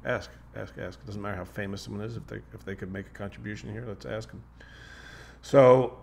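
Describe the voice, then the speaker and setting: A male podcast host with a fairly low voice, talking in a relaxed, slangy, upbeat way. He laughs easily and keeps the chat loose. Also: brisk, creaky. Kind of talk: casual interview chat.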